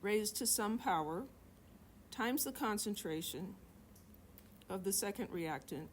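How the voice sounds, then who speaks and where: Animated and mid-range, a woman speaks a little slowly over faint background noise. She's a middle-aged chemistry teacher lecturing in class, joking around and asking her students questions.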